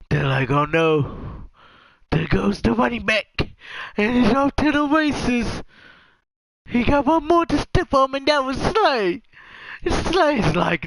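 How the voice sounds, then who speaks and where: Animated man narrating a football game. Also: extremely high pitch, measured pace, no echo, low-quality recording. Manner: animated, voices players in jokey asides. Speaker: gaming commentator. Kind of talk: casual game commentary.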